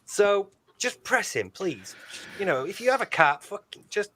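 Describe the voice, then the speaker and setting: A man, co-hosting a casual podcast with dry, deadpan teasing. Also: high voice, unhurried, slight background noise.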